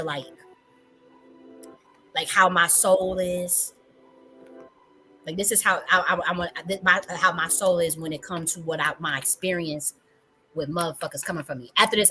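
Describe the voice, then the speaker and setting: A woman's voice: on the low side, bright, forceful tone. A woman hosting a livestream who talks casually and emphatically, full of profanity and repeated words. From Buffalo area, US. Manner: profane, repetitive, emphatic, laughing. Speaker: livestream host. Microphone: livestream mic.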